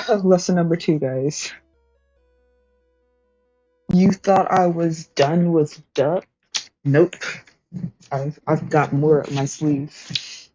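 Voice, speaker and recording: A woman's voice: low-pitched, steady tone, very slow, long pauses, dark tone. A woman streamer casually explaining language points to her chat, chatty, with lots of fillers, laughs and swearing. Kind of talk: casual study-stream teaching. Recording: slightly dull, dry home stream mic with faint music.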